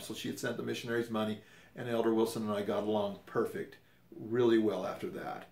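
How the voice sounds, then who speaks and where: A man's voice: on the low side, little pitch movement, fast talker, creaky, darkish tone. A man in his fifties casually telling a personal story, rambling and correcting himself as he goes. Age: 50s. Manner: rambling, self-correcting, conversational. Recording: roomy echo.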